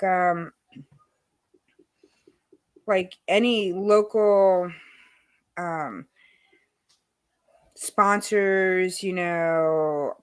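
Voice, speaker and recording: A middle-aged woman from New York with a New York accent, hosting a casual chat over a video call and laughing often. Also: on the low side. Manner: chatty and animated, laughs often. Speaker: host.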